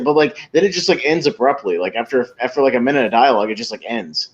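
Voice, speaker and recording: A man's voice: mid-range voice, quick pace, few pauses. A man co-hosting a podcast in casual chat, rambling and laughing as he acts out lines from a sketch. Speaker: podcast co-host. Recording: dull lo-fi sound.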